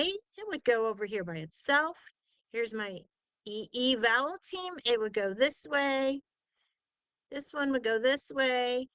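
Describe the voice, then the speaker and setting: Woman teaching phonics real slow, kinda high voice, dry close sound, stretches out the vowel sounds. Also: fairly bright tone, no room sound, muffled recording. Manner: asks leading questions and answers them herself. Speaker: reading and spelling tutor. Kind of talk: slow, patient phonics lesson.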